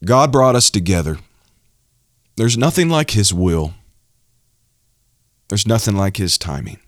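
A man's voice: fairly low pitch, lively intonation, unhurried, dry recording, studio quality. A young man, a preacher, giving a personal testimony in a preaching style, emotional and emphatic, repeating phrases for effect.

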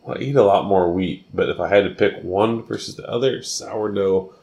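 A man's voice: on the low side, moderate pace, creaky, a little mellow. A tipsy man co-hosting a casual podcast, rambling and laughing often as he answers questions. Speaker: podcast co-host. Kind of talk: casual chat.

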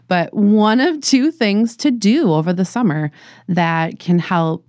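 A woman's voice: medium pitch, a little mellow, no room sound, clean studio sound. A woman co-hosting a casual podcast, upbeat and enthusiastic, talking about summer learning for teachers. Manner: upbeat, enthusiastic, quick to laugh. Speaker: podcast co-host, ed-tech organizer.

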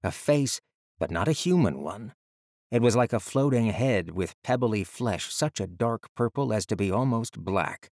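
This audiobook is read by a fairly low-pitched man in a calm, measured storytelling style. The clean studio sound carries no room sound at all.

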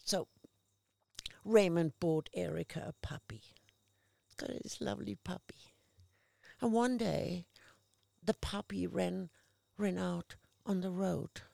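A woman, a guest actress, telling lively anecdotes in casual conversation and acting out the people she quotes. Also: fairly low pitch, slow, gravelly, pauses often, dry recording. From Australia. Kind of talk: casual chat.

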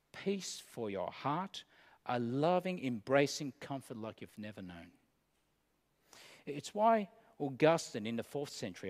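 A man preaching a sermon, earnest and deliberate, pausing between phrases. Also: mid-range voice, big-room sound.

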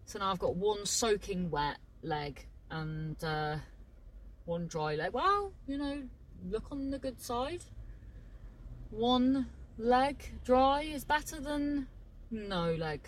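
A woman's voice: on the high side, animated, slow pace, slight background noise, low-quality recording. A woman chatting casually to camera in a rambling, sweary way, often trailing off mid-thought. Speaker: vlogger.

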